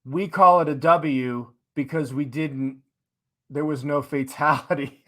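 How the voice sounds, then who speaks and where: A man's voice: a little high, measured pace, bright, forceful tone. A man hosting a live stream in casual chat, reading viewer comments aloud in a loose, sarcastic way and laughing along.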